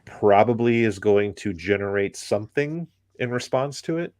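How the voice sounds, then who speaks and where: A man's voice: fairly low pitch, lively intonation, moderate pace, a little mellow, no echo, studio quality. A man in casual chat, giving an opinionated critique full of ums and likes. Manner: rambling, many ums and likes.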